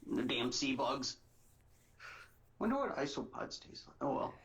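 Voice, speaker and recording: A man's voice: medium pitch, very animated, a little slow, fairly bright tone. A man chatting on a casual podcast, trading crude, joking banter. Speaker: podcast guest. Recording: dull lo-fi audio.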